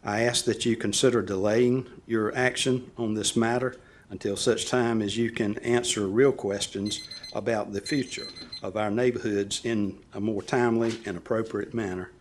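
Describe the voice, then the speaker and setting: A man's voice: on the low side, steady tone. Scratchy-voiced man at a podium microphone. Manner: measured, reads prepared remarks, clears throat. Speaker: resident addressing county board. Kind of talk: public comment at a meeting. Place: county meeting chamber.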